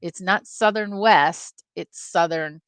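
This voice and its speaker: A woman's voice: on the low side, slow pace, a bit bright, clean tone, no echo. A woman co-hosting a casual film podcast over a video call, chatty and explaining background with plenty of fillers.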